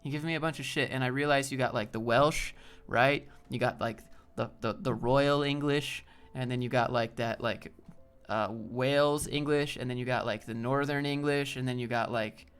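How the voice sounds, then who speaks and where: A man's voice: medium pitch, steady tone, fairly bright tone, clean tone. A man hosting a live stream in a casual, rambling way, reading and answering chat as he talks. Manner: rambling, loose, quick asides to chat. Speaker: livestream host.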